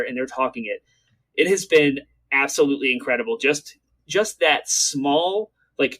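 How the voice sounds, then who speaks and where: A man co-hosting a gaming podcast, talking earnestly and quickly in casual chat, urging listeners to act. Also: mid-range voice, fairly bright tone, slightly rough, poor audio. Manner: earnest, talks quickly to get through points. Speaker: podcast co-host.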